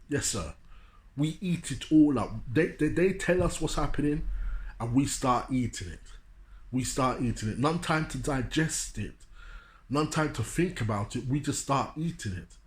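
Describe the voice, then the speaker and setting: A man from London with a London accent, giving a preachy motivational talk and repeating "you know what I'm saying". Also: medium pitch. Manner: addresses listeners like a preacher. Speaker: street speaker.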